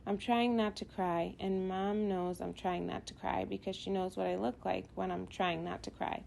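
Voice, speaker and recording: A woman narrates an audiobook in first person with a reflective, even delivery. Her voice is mellow and warm with noticeable vocal fry, and a faint hiss sits under the recording. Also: mid-range voice, normal speed.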